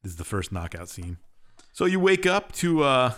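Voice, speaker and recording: A man's voice: mid-range voice, big pitch swings, normal speed, fairly bright tone. A man co-hosting a podcast, casually retelling a game's story in an offhand, rambling way full of fillers. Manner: rambling and offhand, with many fillers and shrugging asides. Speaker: podcast co-host.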